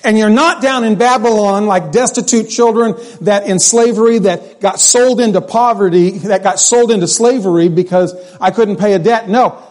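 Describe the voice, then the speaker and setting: A man's voice: sits high, normal speed, few pauses, lightly acted. A man voicing God as an indignant male deity who rebukes his people with emphatic rhetorical questions.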